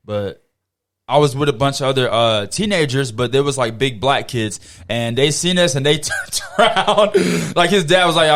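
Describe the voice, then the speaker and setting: A man hosting a podcast, telling a story in a casual, animated way and swearing freely. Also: medium pitch. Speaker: podcast host.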